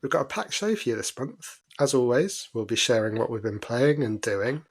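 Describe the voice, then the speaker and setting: Upbeat British podcast host. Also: male voice, medium pitch, sing-song, normal speed. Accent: British English. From Britain. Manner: friendly and upbeat, reads the intro smoothly. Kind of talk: podcast intro and casual chat.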